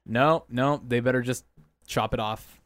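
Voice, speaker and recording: A man's voice: mid-range voice, steady tone, measured pace, fairly bright tone. A young adult man hosting a podcast in a joking, upbeat way, with lots of fillers. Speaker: podcast host. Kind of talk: casual podcast chat.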